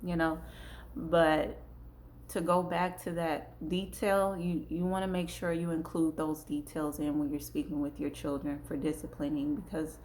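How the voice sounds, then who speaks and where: A woman with features talks casually about parenting, acting out small exchanges between parent and child. Her voice sits on the lower side. A faint hum runs underneath the recording. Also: little pitch movement, a little slow, a little mellow. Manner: conversational, gives acted examples, repeats herself. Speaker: parenting channel host. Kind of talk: casual talk to camera.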